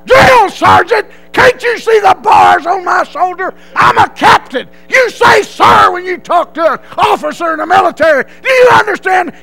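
A man voicing a hard-nosed male army drill sergeant, shouting orders in a high, loud voice. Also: animated, moderate pace, creaky, hardly any pauses, full character voice, rough recording. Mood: barking.

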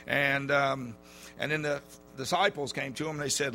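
A man preaching a sermon in a church, telling stories in a folksy way with many halting fillers. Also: mid-range voice, fairly even intonation, gravelly, sharp tone, faint music behind.

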